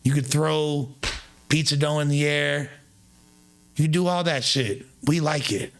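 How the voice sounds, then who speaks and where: A man hosting a casual live chat, talking in loose slang and jumping his pitch up for emphasis. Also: a little slow, fairly bright tone. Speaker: streamer host.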